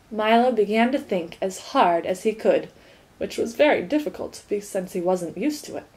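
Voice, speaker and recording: A woman narrating a children's novel aloud in a measured, expressive reading voice. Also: fairly low pitch. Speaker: audiobook reader. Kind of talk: storybook narration.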